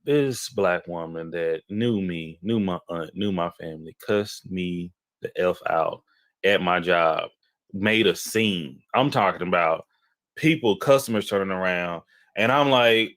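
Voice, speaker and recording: A man's voice: deep voice, a little slow, dry recording, clean studio sound. A young man telling a long story in casual chat, acting out the voices of the people in it. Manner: animated storyteller who acts out quotes.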